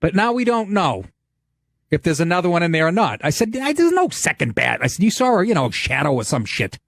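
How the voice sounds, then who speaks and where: Animated, foul-mouthed man telling stories. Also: fairly high pitch, a little fast, creaky, dry recording, studio quality. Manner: profane, animated, laughs through his story. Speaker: podcast host. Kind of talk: comic storytelling.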